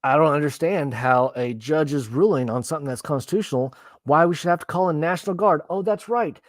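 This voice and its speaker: A man's voice: on the high side, a little fast, no room sound. A man ranting bluntly and profanely while reacting to the news in casual commentary. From Texas. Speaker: political commentary host.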